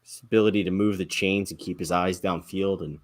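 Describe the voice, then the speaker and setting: A man's voice: low voice, steady tone, brisk. A man co-hosting a casual sports podcast, breaking down plays analytically and quizzing the others on stats. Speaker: podcast co-host.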